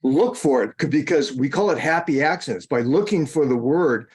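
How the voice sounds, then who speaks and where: A man's voice: a little high, expressive, normal speed, a little mellow, breathy edge. Rambling man, casual interview guest. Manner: rambling, digressive, frequent self-corrections and restarts.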